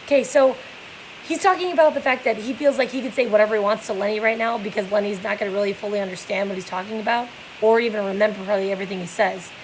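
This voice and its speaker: A woman's voice: medium pitch, fairly even intonation, rapid-fire, slight background noise, low-quality recording. A young woman reading a novel aloud and explaining it casually, with many fillers.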